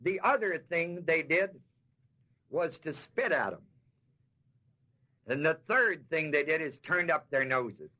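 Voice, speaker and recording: A man's voice: on the high side, expressive, bright, forceful tone. Emphatic man teaching Bible verses. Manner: emphatic, slows and stresses key words, asks the audience questions. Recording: dull lo-fi 1970s tape recording.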